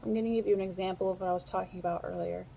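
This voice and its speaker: A woman's voice: on the low side, fairly even intonation, vocal fry, mellow, slight background noise. A woman giving a casual, chatty stenography practice lesson, talking straight to her viewers. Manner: chatty, quick, talks to the viewer directly. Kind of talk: casual instructional talk.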